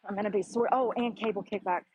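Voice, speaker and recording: A woman's voice: mid-range voice, steady tone, fast talker, darkish tone, husky, lo-fi sound. A woman talking to her camera in a gym, blunt and profane, explaining her workout in a casual chatty way. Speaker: vlogger. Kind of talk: casual gym vlog talk. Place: public gym.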